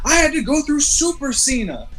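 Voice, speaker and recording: A man voicing a frantic, jealous male wrestler who rants in a high, whiny voice. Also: sing-song, normal speed, a bit bright, soft background music, heavily acted. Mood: frantic whining. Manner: high-pitched complaining rant.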